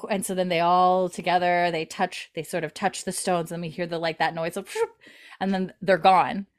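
A woman's voice: fairly low pitch, level tone, moderate pace. A woman recapping a TV episode in casual chat, quoting characters in lightly put-on voices and giggling often. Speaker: recap host.

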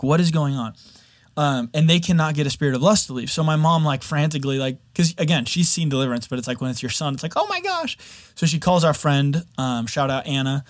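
A man's voice: mid-range voice, fast talker, no room sound. A young man giving a personal faith testimony, speaking in an open, candid and earnest way. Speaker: video editor sharing a faith testimony.

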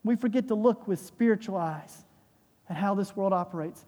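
Pastor preaching a sermon: warm, mellow tone, emphatic delivery, lots of rhetorical questions; reverberant church room sound. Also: medium pitch, moderate pace.

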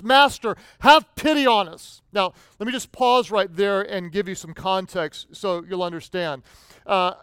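A male pastor preaching a sermon, telling a story in an animated way that rises to near shouts. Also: high voice, smooth, dry recording.

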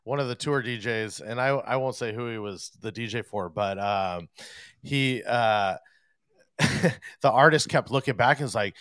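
A man hosting a casual chat, relaxed and laughing along. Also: medium pitch, measured pace, clear, resonant tone, no echo, studio quality.

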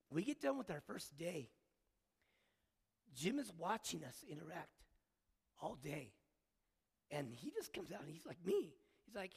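A man preaching a sermon as a story, earnest and emotional, halting with restarts. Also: fairly high pitch, wildly swooping pitch, creaky, a little mellow, husky. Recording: long hall reverb.

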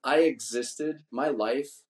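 A man's voice: mid-range voice, slow. A man in his fifties hosting a podcast, telling a long, crude, boastful story in casual chat. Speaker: podcast host.

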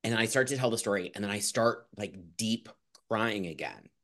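A man's voice: lowish voice, lively intonation, normal speed, fairly bright tone. A man guest on a podcast, telling a personal story frankly and with self-deprecating humor, chatty and full of restarts.

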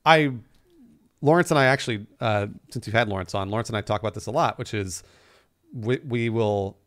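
A man chatting casually on a podcast, animated and laughing, acting out what people say. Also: on the low side, fairly quick. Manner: animated, laughing, acts out quotes. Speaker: podcast guest, video game news host.

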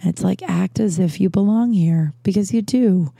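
Thirties woman with a warm, mellow tone, chatty monologue host who rambles, self-corrects and curses, recorded dry and close. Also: medium pitch, normal speed, gravelly, husky, no room sound. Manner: rambling, swears freely, frequent restarts and self-corrections. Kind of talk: casual storytelling monologue.

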